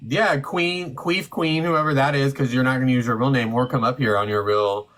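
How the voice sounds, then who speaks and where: A man's voice: medium pitch, steady tone, moderate pace, a bit bright, rough recording. A man hosting a live stream, talking bluntly and confronting his critics in casual chat.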